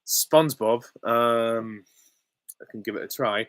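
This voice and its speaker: Brief: chatty, giggly host answering viewers live, mid-range voice, very dry close sound. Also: male voice, mid-range voice, slow pace, a bit bright, dry recording. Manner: chatty, giggly, self-deprecating. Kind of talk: live stream Q and A.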